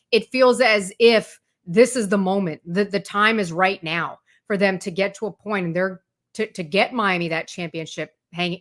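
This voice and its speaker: A woman sports reporter, a guest on a sports talk show, explaining in fluent detail and retelling anecdotes with energy. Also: on the low side. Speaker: college football reporter, guest.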